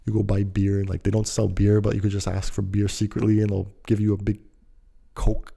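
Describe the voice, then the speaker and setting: A man's voice: lowish voice, completely flat delivery, brisk, vocal fry, mellow, husky. A young man telling a story in a casual, rambling, slangy, laid-back way.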